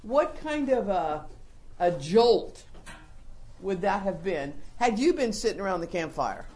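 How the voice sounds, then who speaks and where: A woman preacher whose voice swoops up and down in lively pitch as she tells the story. She acts out scenes and dramatizes her points in an animated, expressive way, keeping the congregation with her. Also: a little slow. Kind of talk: sermon.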